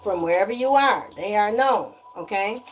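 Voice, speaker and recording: A woman's voice: mid-range voice, lively intonation, normal speed, a little hiss or hum. A woman giving a spiritual energy reading straight to the viewer in a sassy, chatty way, often asking "okay?". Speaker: tarot energy reader.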